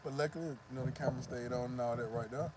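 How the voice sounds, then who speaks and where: A man's voice: mid-range voice, steady tone, fast, noisy background. A man vlogging, telling a profane, rambling story to the camera and filling it with "you know what I mean.".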